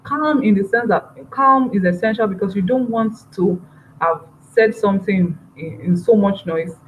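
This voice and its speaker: Woman, parenting coach, animated teaching delivery with acted-out voices, medium pitch, slight room noise. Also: normal speed, narrow, tinny audio. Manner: lively, acts out parent and child voices. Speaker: parenting trainer. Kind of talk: training talk to parents.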